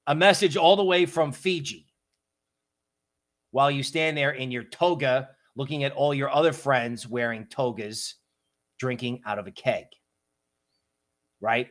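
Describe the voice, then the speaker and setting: A man hosting a casual livestream on markets, talking in an animated, joking storytelling way. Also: mid-range voice, unhurried. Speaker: crypto market livestream host.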